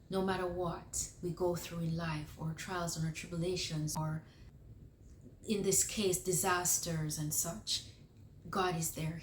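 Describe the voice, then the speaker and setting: A woman's voice: lowish voice, a little hiss or hum. Woman vlogger retelling a dream. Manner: animated, acts out her own panic and excitement; earnest and soft when giving encouragement. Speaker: faith vlogger sharing dreams. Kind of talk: casual storytelling vlog.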